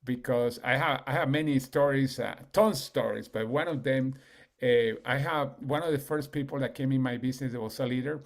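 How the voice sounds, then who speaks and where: A man, a business leader telling stories on a call in an animated way. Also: a little fast, gravelly. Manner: animated, acts out quoted people with rising pitch.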